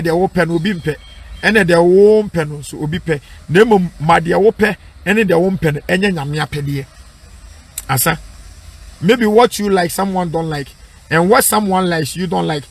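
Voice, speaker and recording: High, husky Ghanaian evangelist. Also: male voice. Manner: emphatic, repeats lines and asks "What I say?" for response; mixes English with Twi. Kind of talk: street-style preaching and advice.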